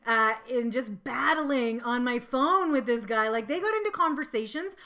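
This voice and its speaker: A woman's voice: on the high side, expressive, moderate pace, sharp tone. A woman in her forties co-hosting a casual podcast, telling a story with hesitant, trailing phrases. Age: 40s. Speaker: podcast co-host. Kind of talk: casual chat.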